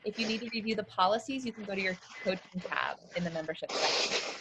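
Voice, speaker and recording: A woman's voice: medium pitch, fast, noisy background. A woman co-hosting a business training call, giving upbeat, encouraging announcements and explaining steps to members. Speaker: business coach and co-host.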